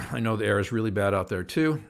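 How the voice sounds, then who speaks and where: A man chatting on a home livestream, earnest and rambling, now and then getting fired up. His voice sits a little low. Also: a little fast, creaky. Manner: rambling, earnest, gets worked up and calms himself. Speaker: host of a livestream show. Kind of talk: casual livestream chat to viewers. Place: at home by a window, indoors.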